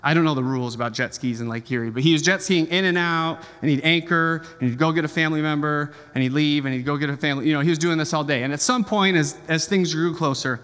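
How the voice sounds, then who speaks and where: A man's voice: a little high, fast, few pauses, a bit bright, clean tone, long reverb tail. A man preaching a sermon as pastor, conversational and joking, often checking in with the congregation.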